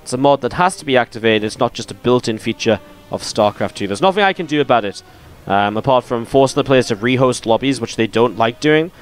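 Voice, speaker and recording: Smooth-voiced male game caster. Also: medium pitch, lively intonation, fairly quick, hardly any pauses, faint music behind. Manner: chatty, answers viewer chat between play calls; jokey, playful with the audience. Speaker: esports caster and stream host. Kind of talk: live game commentary mixed with chat banter.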